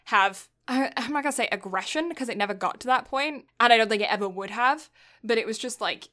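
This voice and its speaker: A woman's voice: fairly high pitch, fairly quick, a bit bright. A young woman from Britain telling a long story in casual chat, rambling with lots of fillers and getting exasperated.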